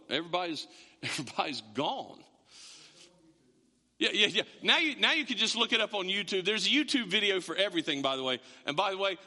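Delivering a sermon to his congregation, this pastor uses a high, bright, forceful voice, voicing characters in his stories and repeating words for effect. The recording carries a long hall reverb.

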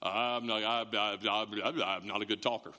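A preacher putting on a nervous stutterer who keeps making excuses, his voice dropped low and small. He halts over every word, and the line trails off in a long church-hall reverb. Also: fairly even intonation, sharp tone. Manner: stuttering, halting. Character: stammering reluctant man making excuses.

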